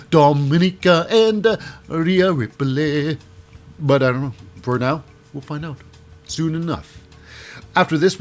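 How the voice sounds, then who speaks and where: A man with a fairly high voice talks through a wrestling show in a loose, rambling way. He jokes as he goes and often pauses on "uh" and "you know". Faint music plays underneath. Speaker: wrestling show recap host. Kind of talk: casual wrestling recap.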